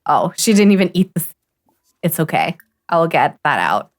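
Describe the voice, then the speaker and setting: A woman streamer giving casual live gameplay commentary, excitable and gushing, often gasping and laughing. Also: sits low, moderate pace.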